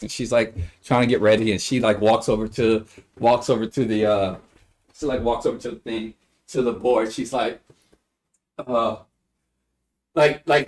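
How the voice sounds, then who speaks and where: A young man live streaming, telling a story to his chat in a casual, animated way, laughing and swearing freely. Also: mid-range voice. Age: young adult.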